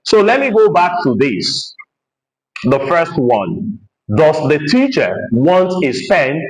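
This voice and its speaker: Lively teacher man in echoey room. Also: a little high, slow pace. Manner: repeats phrases with strong stress for emphasis. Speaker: English teacher. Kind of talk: explanatory lesson.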